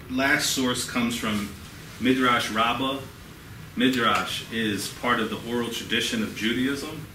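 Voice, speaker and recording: A man's voice: on the low side, pushed and bright. Guy giving a chatty earnest talk to a class, recorded from across a roomy space w faint hiss. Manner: earnest, conversational, checks in with "okay?". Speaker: guest speaker. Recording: echoey room from a distance, faint hiss.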